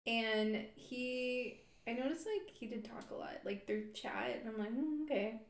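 A woman's voice: a little high, a little slow. A woman in her thirties hosting a podcast, telling a story in casual chat, acting out quotes and laughing often. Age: 30s. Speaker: podcast host. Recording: roomy echo.

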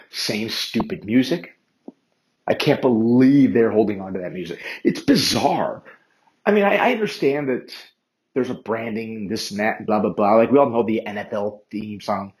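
A man's voice: medium pitch, rough recording. A man hosting a casual solo sports podcast, rambling, swearing freely and mocking himself as he goes. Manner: rambling, profane and self-mocking; chatty, with many fillers and restarts. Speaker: podcast host.

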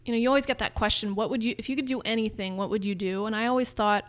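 A woman's voice: fairly high pitch, steady tone, racing. A woman in her thirties from Northern California, a food business founder talking enthusiastically in a casual interview, with frequent restarts.

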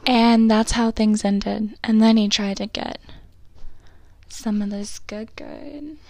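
A woman's voice: medium pitch, flat delivery, slow pace, dark tone, no room sound. A young woman hosting her own podcast, chatting candidly and rambling, with frequent swearing. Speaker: podcast host. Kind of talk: confessional solo podcast chat.

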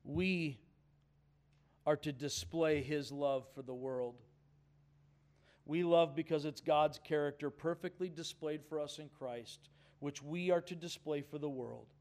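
A man preaching with a high, clear-pitched voice and slow, deliberate pacing. He is earnest and emphatic, and he draws the congregation into call-and-response. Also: fairly even intonation, a little mellow. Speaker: pastor. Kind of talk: sermon.

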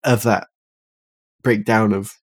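A man's voice: on the low side, steady tone, slow, no room sound. A man with a British accent, analysing a film thoughtfully in casual podcast talk. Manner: thoughtful, analytical, hesitant restarts. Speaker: podcast host.

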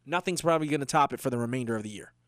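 A man's voice: medium pitch, very fast, fairly bright tone, no echo, studio quality. A young man co-hosting a wrestling podcast in casual chat, emotional and emphatic. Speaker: podcast co-host.

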